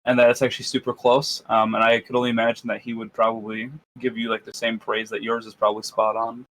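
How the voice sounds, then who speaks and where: A man's voice: mid-range voice, completely flat delivery, fast, fairly bright tone. A man with an ordinary mid-range voice talks with friends on a podcast. He sounds eager and laughs easily. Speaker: podcast cast member. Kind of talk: casual podcast chat.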